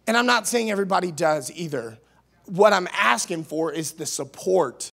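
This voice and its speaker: A man from Missouri preaching a sermon as youth minister, earnest, restarting words, swinging between loud and soft. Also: high-pitched, expressive, moderate pace, vocal fry. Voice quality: nasal at times. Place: church.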